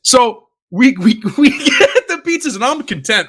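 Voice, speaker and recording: Animated loud East Coast man, laughing. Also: very high-pitched, normal speed. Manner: animated, profane, laughing often. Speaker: podcast co-host. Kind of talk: casual storytelling chat.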